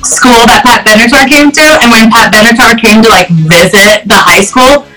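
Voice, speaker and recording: A woman's voice: fairly high pitch, normal speed, sharp tone, faint music behind, poor audio. A woman comedian chatting easily as a podcast guest, trailing off now and then, with trouble using her voice. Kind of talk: casual chat.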